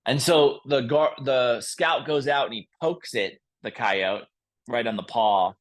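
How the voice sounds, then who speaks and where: Brief: unhurried man leading a gentle yoga class, mid-pitched. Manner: slow, calm and gentle. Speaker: yoga instructor. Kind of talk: guided yoga class with storytelling.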